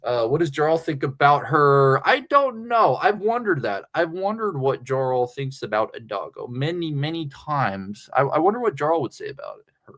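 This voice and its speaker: A man's voice: fairly high pitch, big pitch swings, moderate pace, hardly any pauses, a bit bright. A slightly tipsy man hosting a livestream, rambling crudely and laughing often. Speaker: livestream host. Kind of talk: casual livestream chat.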